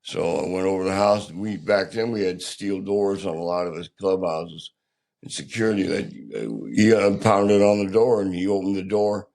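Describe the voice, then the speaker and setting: Gravelly low-voiced older man. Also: darkish tone. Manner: plainspoken, halting, rough-edged storyteller. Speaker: podcast guest. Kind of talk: candid personal storytelling.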